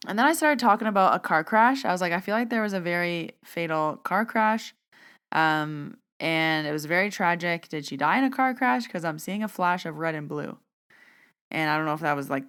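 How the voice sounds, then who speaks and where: Chatty lady podcaster, lots of "i was like", deep-ish clean voice. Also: normal speed, a bit bright, smooth. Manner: chatty, retells dialogue with "I was like". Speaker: podcast host recounting a mediumship reading. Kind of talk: casual storytelling monologue.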